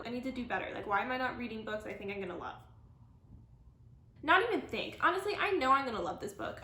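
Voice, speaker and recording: A woman's voice: on the high side, pushed and bright, slight background noise. Chatty woman in an echoey room. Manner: chatty and rambling, with many filler "like"s and self-corrections; enthusiastic and gushing. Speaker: book vlogger. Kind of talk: casual chat to camera.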